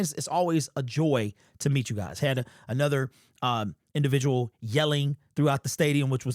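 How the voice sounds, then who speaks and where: A man's voice: medium pitch, brisk, no echo, studio quality. A man in his forties hosting a casual fan commentary vlog, chatty and rambling with frequent restarts. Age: 40s. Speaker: sports YouTube channel host.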